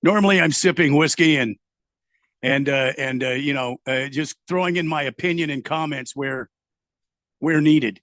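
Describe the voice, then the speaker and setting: Male radio host, slightly high voice, laid-back and rambling, dry booth sound. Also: normal speed, fairly bright tone, dry recording. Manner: loose, easygoing, many fillers and restarts. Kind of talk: casual radio chat, reading listener messages. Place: home studio in Arizona.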